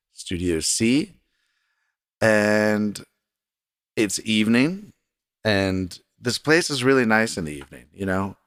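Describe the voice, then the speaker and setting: A man's voice: on the low side, fairly bright tone, no echo, studio quality. A man hosting his own podcast alone at his desk at home, talking in a rambling, self-deprecating way. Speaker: podcast host. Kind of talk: casual solo podcast monologue. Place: desk in a home recording room.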